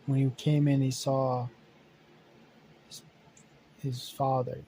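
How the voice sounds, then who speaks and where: A man's voice: medium pitch, little pitch movement, slow pace, creaky, dark tone, slight background noise, rough recording. A man casually narrating an improvised superhero story, rambling with many fillers, self-corrections and swearing.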